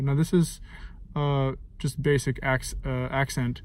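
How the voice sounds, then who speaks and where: A man's voice: mid-range voice, steady tone, unhurried, a little mellow. A man giving an informal lesson on setting text to music, thinking aloud with many fillers and singing short phrases to illustrate. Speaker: music teacher and composer.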